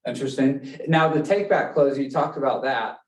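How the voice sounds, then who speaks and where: Male class instructor, brisk and questioning, recorded from across an echoey room. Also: medium pitch. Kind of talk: classroom teaching. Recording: echoey room, mic far off.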